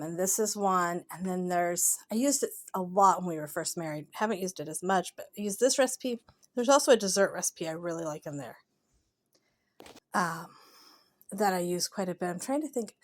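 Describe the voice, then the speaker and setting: A woman vlogger and mother talking through her day in a casual voiceover, chatty and rambling, earnest and encouraging. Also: lowish voice. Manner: chatty, rambling, self-deprecating.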